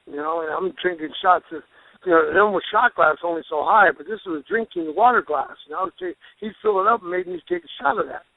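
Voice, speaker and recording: A man who is a pro wrestler, a guest telling rambling, animated stories with restarts and folksy exclamations. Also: high voice, gravelly, no room sound. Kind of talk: storytelling interview. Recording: phone line, dry.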